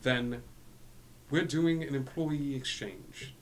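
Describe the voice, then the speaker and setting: A man's voice: mid-range voice, takes it slowly, noisy background, lightly acted. A man voicing a smug, gracious Satan in a red suit, speaking in a raised, theatrical voice. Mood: businesslike.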